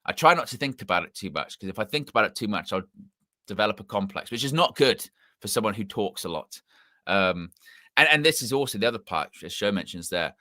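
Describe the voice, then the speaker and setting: A man's voice: lowish voice, lively intonation, fairly quick, pushed and bright, dry recording, clean studio sound. A man hosting a football fan stream in casual live chat, with a mixed English accent, rambling and repeating himself as he corrects his words. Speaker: football channel host.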